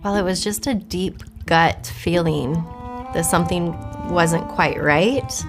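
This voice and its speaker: A woman's voice: fairly low pitch, slow pace. Candid woman telling her personal story. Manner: reflective, candid, with soft laughs. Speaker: interviewee sharing her testimony. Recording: faint music underneath.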